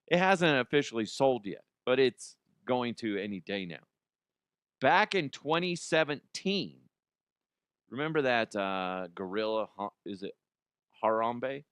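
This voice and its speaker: Man, comedy news host, casual rambling chat, curses a lot, clear resonant voice. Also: medium pitch, a bit bright, no echo, clean studio sound. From Colorado, USA. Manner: swears freely, restarts and trails off.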